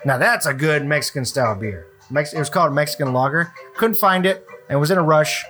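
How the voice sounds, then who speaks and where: A man, co-hosting a casual beer-tasting chat with a bright, forward voice. He rambles and jokes through his verdicts, and faint music plays behind. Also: on the high side, lively intonation, brisk. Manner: laid-back, joking, rambling. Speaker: podcast co-host.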